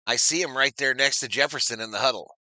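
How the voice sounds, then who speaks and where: A man doing energetic live play-by-play of a football game on his stream, stopping to read and answer viewer chat. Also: medium pitch, fast talker, no echo. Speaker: live stream sports commentator.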